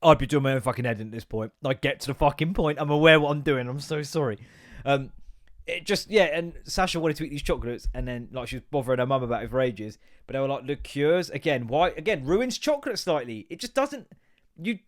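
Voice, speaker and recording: A man's voice: medium pitch, fast. A young man hosting a solo podcast, rambling and self-deprecating, swearing freely. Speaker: podcast host. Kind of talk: casual solo podcast chat.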